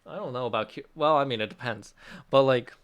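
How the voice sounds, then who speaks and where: A man's voice: medium pitch, brisk, fairly bright tone. A man hosting a casual livestream Q&A, reading out chat questions and answering them in an upbeat, chatty way with frequent laughs and restarts. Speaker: app developer hosting a release livestream.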